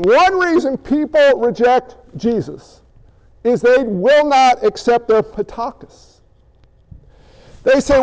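A man preaching a sermon, animated and firing rhetorical questions at his listeners. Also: extremely high pitch, takes it slowly, long pauses, in a large hall.

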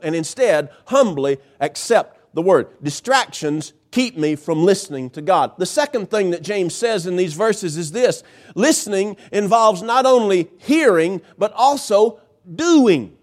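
A male pastor preaching a sermon, emphatic, with dramatic pauses and swings in pitch. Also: animated.

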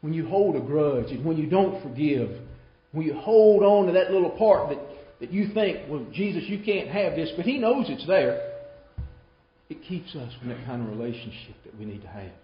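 A man delivers a sermon with dramatic storytelling, leaning hard on some lines and dropping to a near hush on others. The sound is muffled and roomy, like a live recording in a church hall. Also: on the high side, animated, normal speed. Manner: dramatic storytelling, swings between loud and hushed. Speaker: preacher.

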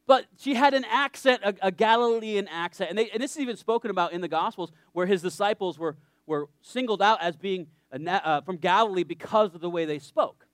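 A man's voice: high voice, brisk, hardly any pauses, no echo, clean studio sound. A man preaching a sermon in a conversational, joking way, often checking in with his listeners.

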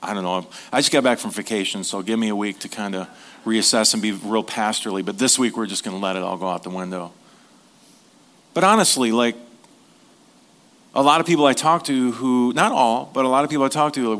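A man's voice: on the low side, fairly quick, a bit bright. Joking, conversational male pastor preaching. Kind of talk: sermon.

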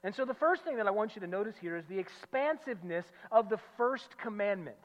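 A male pastor preaching an expository sermon, emphatic, repeating key phrases and swinging from loud declarations to low, quiet asides. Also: animated, fast talker. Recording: muffled sound with long hall reverb.

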